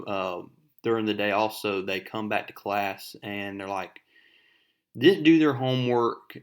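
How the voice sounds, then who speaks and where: A young man hosting a comic book video, recapping the story in a chatty, loose way. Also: fairly low pitch.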